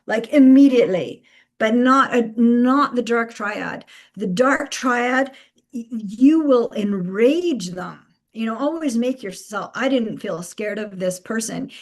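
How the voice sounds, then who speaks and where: A woman runs a live spiritual guidance stream, her voice pitched a little high. She speaks with emphasis, repeats key phrases, and laughs between her points.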